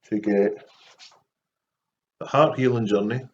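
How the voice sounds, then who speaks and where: A Scottish man talking earnestly and softly to camera in a casual, heartfelt vlog, pausing often. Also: lowish voice, dull audio, a little hiss or hum. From Scotland. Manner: soft-spoken and earnest, with frequent pauses and fillers. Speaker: Christian artist vlogger.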